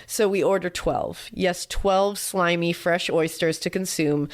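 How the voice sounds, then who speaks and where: A woman's voice: lowish voice, a little slow, few pauses. Wry woman reading a story aloud. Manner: wry, profane asides and laughs. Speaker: podcast co-host reading a listener story. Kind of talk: casual comedic story reading.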